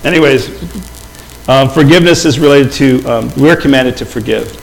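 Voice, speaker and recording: A middle-aged pastor preaching a sermon in church, conversational and often asking the congregation questions. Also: male voice, medium pitch, normal speed, gravelly, rough recording. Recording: faint background noise.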